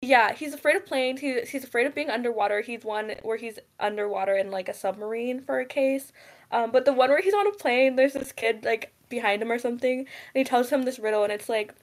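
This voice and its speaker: A woman's voice: fairly high pitch, brisk. A young woman co-hosting a podcast in casual chat, rambling with many fillers and giggles. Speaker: podcast co-host.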